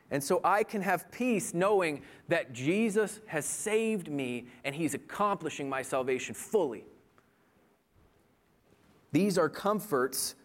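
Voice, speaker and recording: A man preaching a sermon in an earnest manner, telling a personal story and building to impassioned appeals. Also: high-pitched. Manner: earnest, rising to impassioned pleading. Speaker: pastor.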